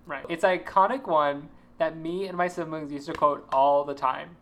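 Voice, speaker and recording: A woman's voice: sits low, normal speed. Woman retelling scenes with laughs. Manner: animated retelling, laughs, restarts and fillers. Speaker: podcast co-host. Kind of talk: casual chat recapping a TV episode.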